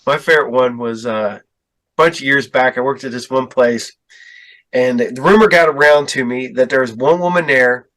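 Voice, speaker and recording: A man telling a story in casual podcast chat, acting out quotes with big jumps in pitch. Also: moderate pace, fairly bright tone. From Ohio. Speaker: podcast guest.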